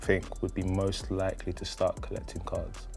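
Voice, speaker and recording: A man hosting an interview, asking questions in a measured, upbeat way. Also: sits low, completely flat delivery, gravelly, darkish tone, soft background music. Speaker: interviewer host.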